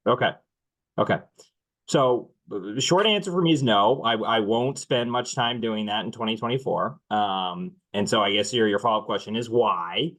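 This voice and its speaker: A man who works as a chief financial officer, speaking on a webinar panel in a measured, candid way, with dry humor and some filler "um"s. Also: on the low side, a bit bright, low-quality recording.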